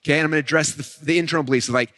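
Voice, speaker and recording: A man delivering a stage talk on marketing at a rapid clip. His voice sits a bit high and he talks with high energy, punctuating points with "right?" and "okay?". It sounds like a live presentation with running commentary. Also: fairly even intonation, bright, forceful tone. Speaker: marketing speaker.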